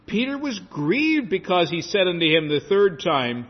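A man's voice: fairly high pitch, very animated, fairly quick. A male preacher reading and explaining scripture emphatically, often restarting his phrases. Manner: emphatic, with frequent restarts and stumbles. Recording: reverberant hall, dull lo-fi sound.

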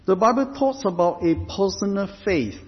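Man, pastor's sermon, slightly high voice, deliberate repetition, dull lo-fi recording. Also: lively intonation. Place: church. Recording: reverberant hall, dull lo-fi sound.

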